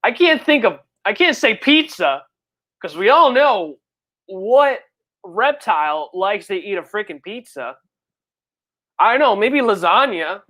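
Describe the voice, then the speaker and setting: A streamer chatting casually on a live birthday stream, reading viewer messages and rambling in slang, with sudden high, excited outbursts. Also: unhurried. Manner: rambling, slangy, full of fillers. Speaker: livestreamer and comic creator.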